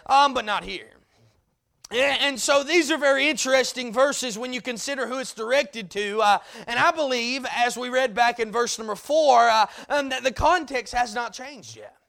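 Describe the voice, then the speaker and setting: A male preacher with a strikingly high, gravelly voice delivers a sermon. He sinks to near-hushed passages and then climbs into loud, emphatic peaks, hammering single words again and again. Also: moderate pace. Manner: repeats key words for emphasis.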